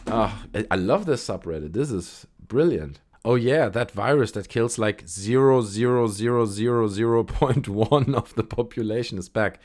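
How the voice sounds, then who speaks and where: A man's voice: on the low side, a little mellow. A man hosting a channel, reading online posts aloud and giving amused, chatty commentary between frequent laughs. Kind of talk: casual comedic commentary.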